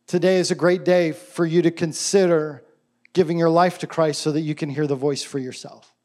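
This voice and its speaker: A man preaching a sermon in a casual, enthusiastic way, with quick asides and restarts. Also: a little high, fairly even intonation, a little mellow. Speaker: pastor.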